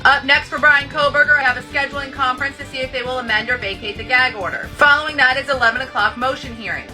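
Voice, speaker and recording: A woman giving a quick news-style update on a criminal case and asking viewers to comment. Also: high-pitched, steady tone, sharp tone, soft background music, rough recording. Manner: brisk, announcing, asks viewers to comment. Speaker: true crime video creator.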